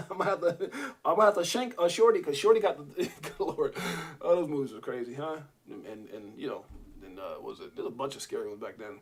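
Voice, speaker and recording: A man hosting a live crypto stream in casual chat, joking, excitable and talking straight to his viewers. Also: a little high, fast. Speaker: crypto livestream host.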